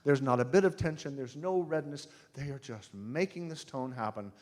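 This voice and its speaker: A man teaching singing to a live audience in a humorous, animated way, demonstrating sounds with his own voice. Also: medium pitch, moderate pace. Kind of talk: live workshop talk.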